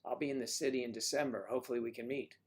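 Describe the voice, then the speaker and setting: A man's voice: mid-range voice, steady tone, very fast. Chatty male livestream host. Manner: chatty, teasing, calls viewers honey and sweetie. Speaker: livestream host reading chat. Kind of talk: casual livestream chat.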